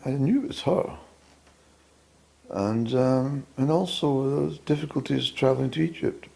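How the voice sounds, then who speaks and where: A man with a Scottish accent rambles at home in a solo fireside-style monologue. His voice is gravelly and mellow, and he pauses often, musing wryly and halting over his words. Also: medium pitch. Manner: wry, musing, halting with many fillers. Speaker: vlogger.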